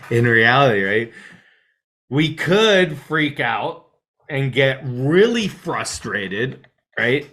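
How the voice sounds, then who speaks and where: A man teaching a mindfulness class in a casual, rambling way, often checking in with "right?" and dropping to a soft hush to guide the breath. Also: medium pitch. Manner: drops to a soft hush when guiding breath.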